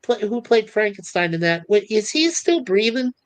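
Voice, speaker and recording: A man's voice: high-pitched, sing-song, moderate pace, a crowd in the background. A man hosting a live stream, chatting casually and reading viewer comments aloud in a rambling, easygoing way, laughing easily.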